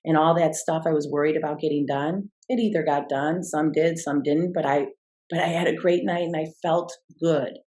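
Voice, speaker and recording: Low-voiced woman telling a reflective story. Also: fairly even intonation, a little mellow. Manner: reflective, slows down to stress key words. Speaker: guest, former swimmer and mindset coach. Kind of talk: storytelling in a podcast interview.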